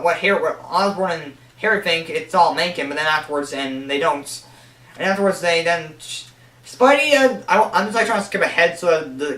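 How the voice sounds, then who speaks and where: High-voiced young man in an echoey room. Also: fairly bright tone. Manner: rambling, many restarts and fillers. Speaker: show reviewer. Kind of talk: casual countdown commentary. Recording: echoey room, voice a bit far from the mic.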